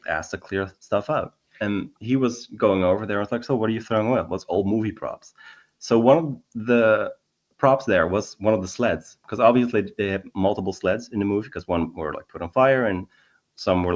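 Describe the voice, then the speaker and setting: A man with a lowish voice rambles through trivia in a casual chat, stacking fillers and restarts. The sound is dull and lo-fi. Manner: rambling anecdotes with many fillers. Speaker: podcast co-host.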